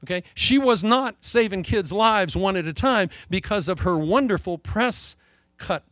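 A middle-aged pastor gives a spirited sermon at a measured pace, acting out his story's characters with sweeping changes in pitch and volume. The recording is dry.

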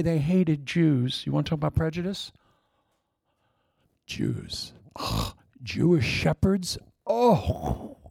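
Preacher guy storytelling, voice swoops up and down a lot, gravelly, dry close sound. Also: high-pitched, dry recording. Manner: animated storytelling, acting out voices, laughing. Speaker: pastor. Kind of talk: sermon.

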